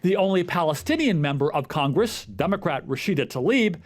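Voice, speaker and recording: A man reading a scripted news report as anchor, formal and measured. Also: a little high, animated.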